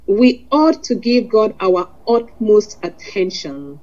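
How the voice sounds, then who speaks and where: A woman's voice: mid-range voice, big pitch swings, takes it slowly, darkish tone. A woman preaching a sermon in an earnest, conversational way, quoting scripture and addressing her listeners directly. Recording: lo-fi dull sound.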